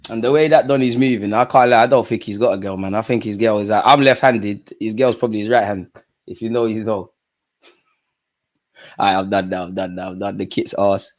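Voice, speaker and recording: A man's voice: on the low side, steady tone, fairly quick. A young man with a London accent hosting a live football watch-along. He chats and banters with viewers in slang-heavy, playful talk. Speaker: streamer host.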